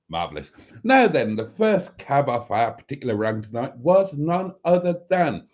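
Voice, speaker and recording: Camp stream host, mellow and swooping, unhurried. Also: male voice, on the high side, very animated. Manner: camp and theatrical, swooping voice, calls viewers darlings. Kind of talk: chatty live-stream hosting.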